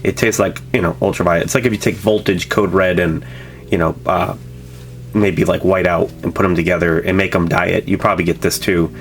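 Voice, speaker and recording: A man with a very low voice talks through a drink review in a loose, rambling way. He keeps correcting himself and filling gaps with "um" and "you know". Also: brisk, a little hiss or hum. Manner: rambling, relaxed, lots of fillers and self-corrections. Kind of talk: casual product review vlog.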